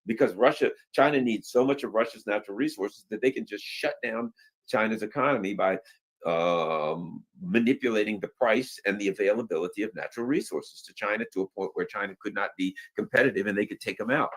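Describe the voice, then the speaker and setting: A man's voice: lowish voice, fairly quick. A man hosting casual political commentary, rambling with asides and briefly acting out the people he quotes. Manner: animated, acts out quoted voices, rambling asides.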